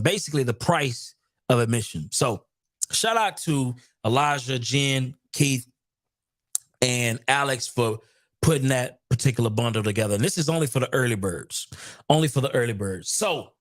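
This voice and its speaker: Energetic man hosting a live stream. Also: mid-range voice, no echo, clean studio sound. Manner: energetic, chatty, repeats himself. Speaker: host.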